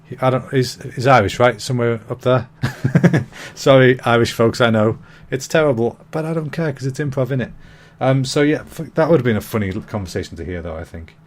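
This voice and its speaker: A man's voice: medium pitch, a little fast. A man from Britain hosting a comedy podcast, ranting in a rambling, sweary way and laughing at his own jokes. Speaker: podcast host. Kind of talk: comedic rant monologue.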